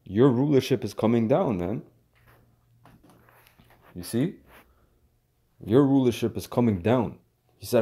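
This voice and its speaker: A man's voice: medium pitch, expressive, measured pace, long pauses, warm tone, husky. A man casually teaching scripture verse by verse, slangy and loose, dropping "man" into nearly every sentence. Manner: slangy, repeats "man" often, frequent restarts. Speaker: bible teacher.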